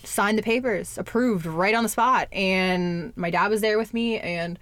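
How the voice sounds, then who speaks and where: A woman's voice: medium pitch, measured pace, fairly bright tone, dry recording. A young adult woman talking candidly in a casual chat, lots of "like" and the odd swear word. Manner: candid, chatty, fillers and swearing.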